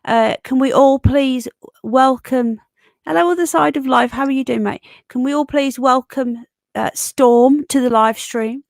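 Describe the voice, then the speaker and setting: Female live stream host, chatty and affectionate, slightly high voice, dry close sound. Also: unhurried, creaky, no room sound. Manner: chatty, affectionate, greets viewers one by one. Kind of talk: casual live stream chat.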